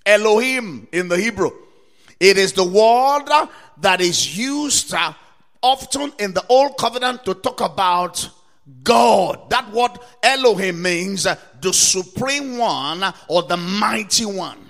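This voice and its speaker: Man, sermon, bright ringing tone, cites scripture verses, emphatic shouting build-ups. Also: sits high. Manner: emphatic, repeats rhetorical questions, rises to shouts. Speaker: preacher. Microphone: recorded for broadcast to listeners or viewers.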